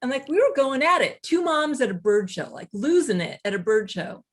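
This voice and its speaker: A woman guest author telling stories in casual conversation, animated, with quick asides and laughter. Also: high-pitched.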